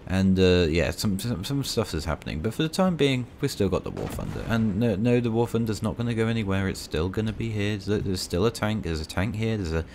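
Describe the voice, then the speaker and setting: A man's voice: fairly low pitch, sing-song, fairly quick, few pauses, darkish tone, a little hiss or hum. A man giving rambling, self-mocking commentary while playing a tank game, full of dry asides. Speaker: gaming video creator.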